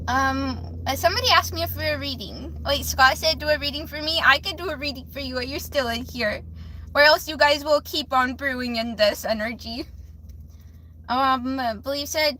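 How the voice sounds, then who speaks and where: Bright, high-voiced woman livestreamer. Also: moderate pace, a little hiss or hum. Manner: rambling, restarts often, says "flip" instead of swearing. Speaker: livestream host doing readings for viewers. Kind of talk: emotional casual livestream talk.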